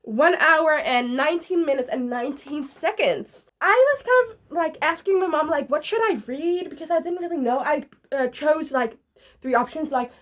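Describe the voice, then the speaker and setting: A young woman chatting casually in a reading vlog, talking to the camera with lots of "like" fillers. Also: high voice. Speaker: book vlogger.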